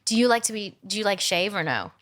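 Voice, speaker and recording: A woman's voice: mid-range voice, expressive, quick pace, a bit bright. A woman in her thirties co-hosting a podcast, talking frankly and giggling, sometimes acting out other people's voices. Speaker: podcast co-host. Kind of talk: casual podcast chat.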